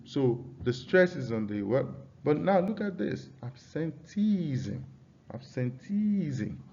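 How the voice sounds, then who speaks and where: A man with a Nigerian English accent who teaches a pronunciation lesson, reading rules from slides, saying example words slowly over and over, and asking his students questions. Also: mid-range voice, very animated, creaky, darkish tone, a little hiss or hum. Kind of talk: classroom lesson. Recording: dull lo-fi sound.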